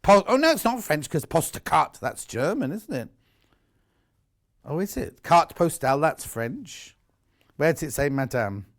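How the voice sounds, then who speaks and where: A man's voice: fairly high pitch, big pitch swings, a little slow. A man presenting live shopping television, chatting and bantering with his co-workers. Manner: chatty, bantering, chuckling asides.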